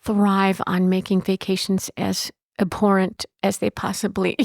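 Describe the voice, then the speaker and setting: A woman's voice: medium pitch, monotone, a little slow, gravelly, dry recording, clean studio sound. A woman who owns a bed and breakfast, telling stories in an interview in a chatty way, with frequent restarts. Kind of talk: storytelling in an interview.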